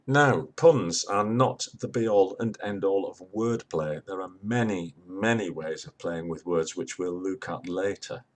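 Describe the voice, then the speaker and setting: An older man giving a dry, explanatory lecture, retelling jokes along the way. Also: sits low. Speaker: lecturer on humour. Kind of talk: spoken lecture.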